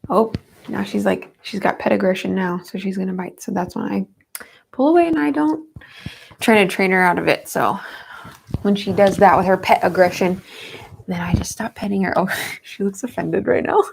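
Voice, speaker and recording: A woman's voice: medium pitch, moderate pace, vocal fry, a little hiss or hum. A young woman in her twenties hosting a casual livestream from home, chatting with viewers and reading their comments. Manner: chatty, giggly, coos softly at her cat. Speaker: livestream host.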